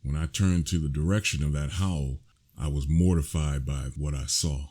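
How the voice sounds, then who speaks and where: A man narrating his own first-person horror story, slow and hushed, with sudden shouted lines. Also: very deep voice, fairly even intonation, husky.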